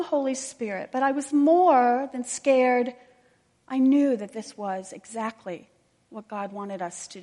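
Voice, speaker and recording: A woman preaching a sermon, telling a personal story in an earnest, quiet and intimate way. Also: on the high side. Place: church. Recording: long church reverb.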